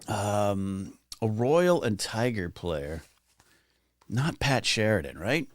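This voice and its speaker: A man's voice: lowish voice, very animated, takes it slowly, no room sound, clean studio sound. A man hosting a casual morning livestream, rambling and reading viewer comments aloud from his home. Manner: chatty, rambling, reads chat aloud. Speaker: livestream host. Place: home, in California.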